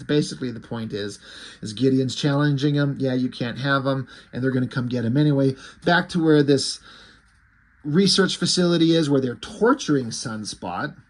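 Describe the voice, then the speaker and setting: A man casually recapping a comic book issue, irreverent and profane, acting out the characters' lines as he goes. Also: mid-range voice.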